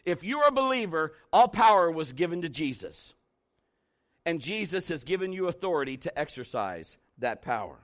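A man preaching from the pulpit in a high, bright voice. He is emphatic and animated, repeating his points and acting out stories for his church. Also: moderate pace. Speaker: pastor. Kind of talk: sermon.

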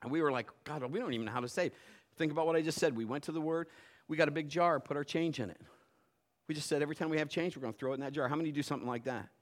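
A middle-aged man delivers a sermon in a slightly high voice. He talks in a folksy, storytelling way, sliding from quiet, low asides into loud, emphatic preaching. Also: racing. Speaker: pastor. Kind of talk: sermon with personal stories.

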